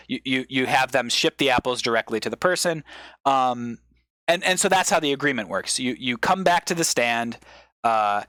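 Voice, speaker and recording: A male comedian on a live stream, giving an improvised mock lecture as a rambling explainer with sudden excited bursts. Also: medium pitch, no room sound.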